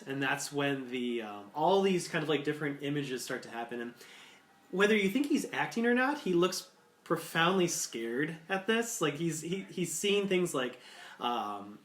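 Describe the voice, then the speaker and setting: A man's voice: fairly high pitch, very animated, normal speed, fairly bright tone. A man narrating as game master of a tabletop game, rambling with many fillers. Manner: rambling, full of likes and ums. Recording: echoey room.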